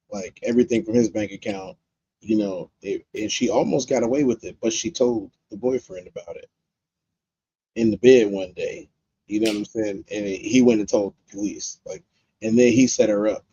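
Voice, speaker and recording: A man's voice: fairly low pitch, normal speed, dark tone, husky, highs cut off. A man hosting a livestream, chatting loosely and speaking straight to his viewers. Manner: loose, talks straight to chat, lots of fillers. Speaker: livestream host. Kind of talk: casual livestream chat.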